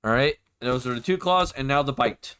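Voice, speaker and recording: A man running a tabletop role-playing game as game master, narrating attacks and rolls in a casual, unhurried way and swearing when flustered. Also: medium pitch, fairly bright tone, smooth.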